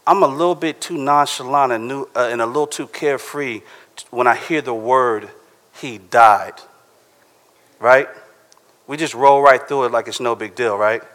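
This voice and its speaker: A man delivers a sermon in a relaxed, conversational way and keeps checking in with his listeners. His voice sits at an ordinary middle pitch. A long reverb trails after his words, as in a church hall. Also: moderate pace. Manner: casual, conversational preaching with frequent "right?". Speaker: preacher.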